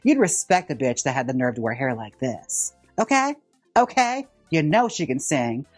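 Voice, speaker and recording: A man's voice: medium pitch, moderate pace, husky, no room sound, soft background music. A drag queen host chatting campily and sassily while styling a wig in a casual vlog. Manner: campy, sassy, animated chatter.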